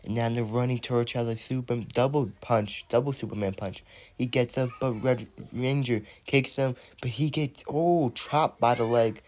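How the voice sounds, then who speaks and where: A man who is sick and speaking low, giving play-by-play wrestling commentary and counting out the pins. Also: steady tone, moderate pace, a little mellow, slight background noise. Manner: counts pins aloud and announces winners.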